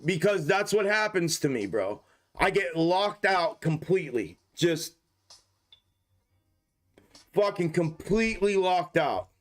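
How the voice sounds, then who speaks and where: A man's voice: sits high, big pitch swings, slow pace, pauses often. A young man live streaming, rambling casually with heavy slang and lots of swearing. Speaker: stock market live streamer.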